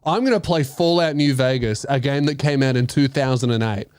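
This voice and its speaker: A man telling a funny story on a casual podcast, animated and laughing, swearing a lot and acting out the voices. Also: medium pitch, a little fast, clear, resonant tone, no echo. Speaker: comedian host telling a story.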